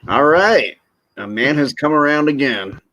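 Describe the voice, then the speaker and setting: A man's voice: on the high side, lively intonation, unhurried, pushed and bright. Rambling, joking man on a podcast. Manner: rambling, jokey, lots of restarts. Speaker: podcast co-host. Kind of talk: casual wrestling chat.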